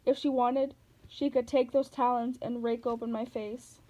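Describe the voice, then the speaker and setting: A woman narrating a novel aloud in a steady, plain reading manner. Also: on the high side, moderate pace, muffled recording.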